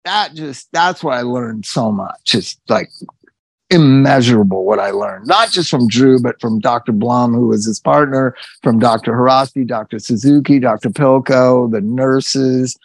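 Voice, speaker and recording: A man telling stories in casual chat, animated and swearing, acting out what people said. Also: mid-range voice, a little slow, gravelly, no echo. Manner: animated, swearing, acts out quotes.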